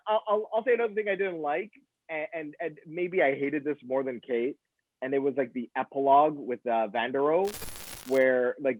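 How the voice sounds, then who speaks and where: A man's voice: a little high, no room sound. A young man co-hosting a casual movie review chat, often stammering and repeating his words. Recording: dry, phone-like sound.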